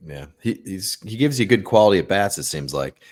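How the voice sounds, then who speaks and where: Brief: low-pitched male host, upbeat, chatty sports storyteller. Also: lively intonation, fairly quick. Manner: upbeat storyteller, laughs easily. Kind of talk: casual sports talk.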